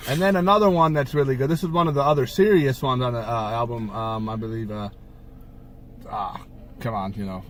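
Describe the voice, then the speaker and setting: A man's voice: mid-range voice, fairly quick, a little hiss or hum. A man co-hosting a casual podcast, prompting his partner and laughing along. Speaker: podcast co-host. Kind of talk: casual chat.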